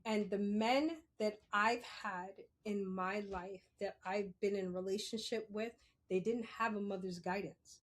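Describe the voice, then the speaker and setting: A woman's voice: medium pitch, steady tone, normal speed. A woman in her forties hosting a podcast, talking casually and candidly, often laughing and correcting herself. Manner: chatty, laughs often, self-correcting asides. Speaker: podcast host. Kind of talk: casual monologue.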